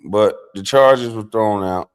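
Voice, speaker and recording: Middle-aged man, livestream host, casual storytelling, profane, animated, low mutters to loud outbursts. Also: slow, clean tone.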